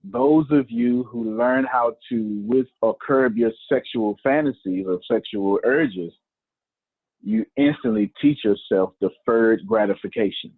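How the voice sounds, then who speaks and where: A man teaching in a preaching style, repeating key phrases slowly for emphasis. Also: mid-range voice, husky, no room sound. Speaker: teacher leading an online class. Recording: tinny phone-like line.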